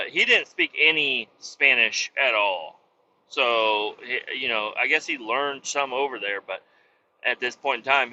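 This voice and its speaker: A man's voice: medium pitch, sharp tone, dull audio, slight background noise. A man casually retelling a work story on a podcast, swearing freely and acting out quoted dialogue. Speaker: podcast host.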